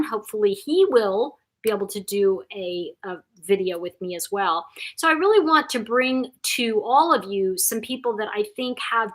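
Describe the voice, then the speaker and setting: A woman's voice: on the high side, fairly bright tone. A woman hosting a casual live-stream chat, talking effusively to her viewers and reading out their comments, with frequent restarts and fillers. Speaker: host of a live chat channel.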